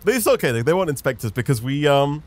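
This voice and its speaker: A man's voice: on the high side, big pitch swings, fast talker. A man co-hosting a gaming video, chatting casually with his friend, easily amazed and laughing along. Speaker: co-host of a gaming channel. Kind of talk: casual chat while playing a game.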